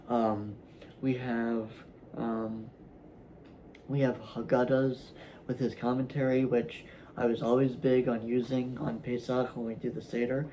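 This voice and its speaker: A man hosting his own vlog, talking casually to camera from a room at home, halting and rambling with many fillers and restarts, yawning at times. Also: medium pitch, dark tone, a little hiss or hum, rough recording. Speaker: vlog host.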